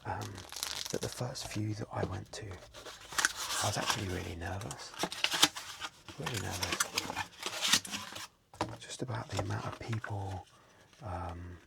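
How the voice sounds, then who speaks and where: A man, softly whispering as he chats casually and rambles during an ASMR video. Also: on the low side, measured pace, creaky, pauses often, heavy background noise. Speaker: card seller and streamer. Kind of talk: soft-spoken ASMR chat. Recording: loud crinkling packaging close to the mic.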